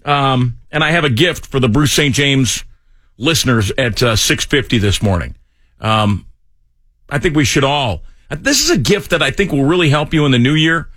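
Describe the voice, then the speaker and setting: A man's voice: mid-range voice, moderate pace, no echo. A man hosting morning talk radio, joking and poking fun at himself. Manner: jokey, self-mocking, animated. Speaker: fill-in radio host. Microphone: studio microphone.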